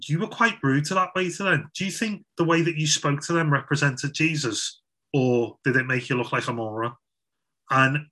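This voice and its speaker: A young man delivers an informal Christian talk to a youth audience. His voice is bright and forward, pitched a little high for a man, and he talks in a loose, conversational way full of restarts. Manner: chatty, informal, with many restarts and fillers. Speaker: youth speaker.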